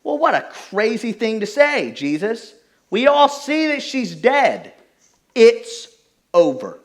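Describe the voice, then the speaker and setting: Lively young male pastor preaching. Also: a little high. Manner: animated storytelling, many fillers like "like". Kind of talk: casual conversational sermon.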